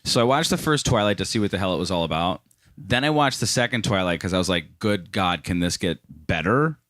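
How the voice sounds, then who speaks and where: Lively low-voiced man, dry close mic. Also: quick pace, no room sound. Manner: animated, laughing, jumps to high pitch when amused. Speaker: podcast host. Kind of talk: casual chat.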